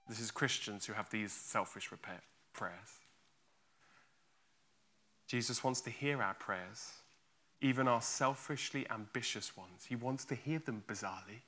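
A man preaching an earnest, expressive sermon in church and acting out the quotes he reads. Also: medium pitch. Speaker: pastor.

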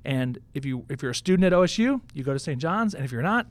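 A man, a Catholic priest, speaking as a podcast guest in a measured, earnest way with the odd light joke. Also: fairly high pitch, expressive. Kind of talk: conversational podcast interview.

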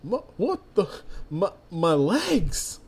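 A man voicing a bewildered, nosy male bystander who yelps in a high, panicky voice. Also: huge pitch swings, takes it slowly, a little mellow, slightly rough, heavily acted. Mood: panicked.

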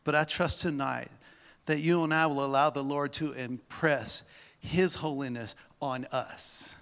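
A man's voice: medium pitch, a little slow, creaky, clear, resonant tone. Male preacher in an echoing hall. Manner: lively, swings between soft asides and loud emphasis. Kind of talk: sermon. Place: church.

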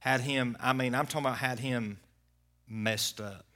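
A man, a pastor preaching a sermon and telling a story in a folksy way, swinging from loud preaching to hushed talk. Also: mid-range voice, steady tone, moderate pace.

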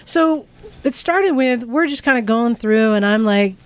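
A woman's voice: fairly high pitch, unhurried, clear, resonant tone, dry recording. A woman telling a story in casual chat and acting out the lines of the people in it. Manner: animated storyteller, acts out quotes.

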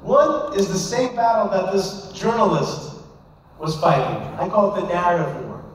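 Guy giving a fired-up storytelling talk, higher voice, lots of room echo, faint crowd noise. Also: lively intonation, normal speed. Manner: emphatic, impassioned storyteller. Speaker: rabbi speaking to a live audience. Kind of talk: storytelling speech. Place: large hall. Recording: echoey hall from far off.

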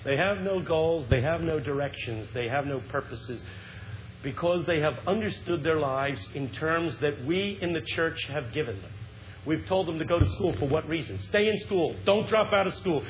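Man in his fifties, high-pitched, animated preacher; muffled lo-fi tape with hiss. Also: normal speed. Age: 50s. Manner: animated, swings from shouts to hushed lows. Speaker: Christian speaker. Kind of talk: humorous, impassioned sermon.

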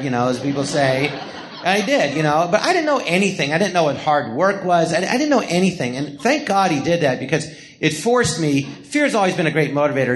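In a small live theater, a middle-aged Los Angeles-area podcast host with a fairly high voice spins stories during a relaxed interview, laughing often and performing the quotes. A little hiss or hum is audible.

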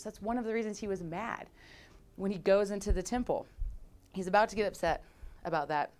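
A woman pastor preaching a conversational sermon to her congregation, animated and playful, acting out scenes with sound effects. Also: mid-range voice, a little fast, pauses often. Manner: conversational, direct address to congregation.

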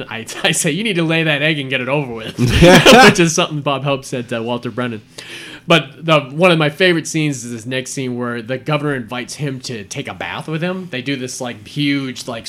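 A man chatting casually, mid-pitched, retelling a story at length. He rambles, leans on fillers and keeps the thread loose and conversational. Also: fairly bright tone. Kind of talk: casual chat retelling a film.

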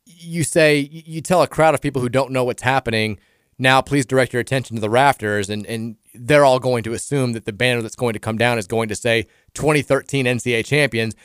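A man in his thirties with a Kentucky accent, hosting a casual sports radio talk show, chatty and quick with frequent restarts. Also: medium pitch, fairly even intonation, clean tone, no echo, studio quality.

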